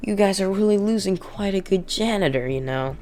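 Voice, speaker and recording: A woman voicing a teenage boy ghoul who talks casually and threatens people calmly. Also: mid-range voice, brisk, faint music behind, pitched above the performer's own voice, close to an everyday voice. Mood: sarcastic. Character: teen boy ghoul, calm and coldly menacing.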